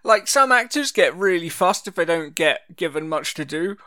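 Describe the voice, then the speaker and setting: A man co-hosting a podcast, chatting about a TV episode with wry, deadpan quips. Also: a little high, moderate pace. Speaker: podcast co-host. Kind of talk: casual chat about a TV episode.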